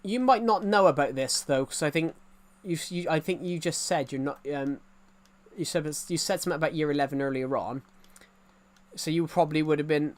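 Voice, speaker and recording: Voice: medium pitch, fairly quick. A streamer with a rural English accent, chatting on a livestream and answering viewer comments, with frequent restarts and repeated phrases. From England.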